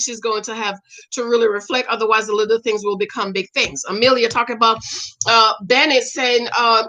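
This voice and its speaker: A middle-aged woman hosts a relaxed chat show, reading out viewer comments in a high, bright voice. She is animated and laughs often as she talks straight to her audience. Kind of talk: casual chat.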